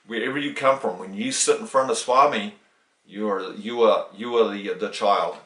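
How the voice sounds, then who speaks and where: A middle-aged man from New Zealand tells a story in a casual interview, his voice on the low side. He acts out the lines he quotes, with restarts along the way. He sits away from the mic, and the room echoes around him. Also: moderate pace. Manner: animated, acts out quoted dialogue, many restarts. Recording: roomy, distant from the mic.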